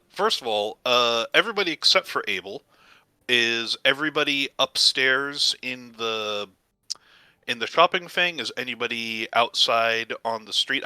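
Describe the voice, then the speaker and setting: A man narrating as game master in a tabletop game, with a halting delivery full of fillers. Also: medium pitch, bright, forceful tone, clear, resonant tone, dry recording, poor audio.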